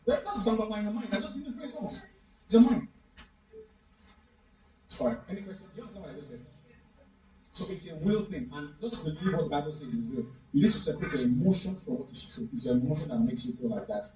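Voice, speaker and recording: A man's voice: on the high side, animated, fast, mellow. A pastor giving an interactive sermon, repeating his questions to the congregation over and over. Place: church hall. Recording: echoey, distant, dull room recording.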